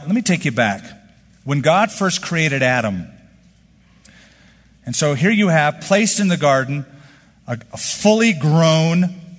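A man's voice: a little high, in a large hall. A man preaching a sermon with emphatic delivery and rhetorical questions. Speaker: pastor.

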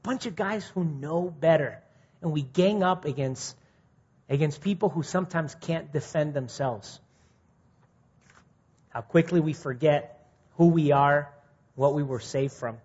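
Husky man preaching to a men's group. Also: unhurried, pauses often. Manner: earnest, rising to indignant mimicry, then dropping quiet. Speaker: speaker at a men's ministry meeting. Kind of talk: informal sermon. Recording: muffled low-fidelity recording.

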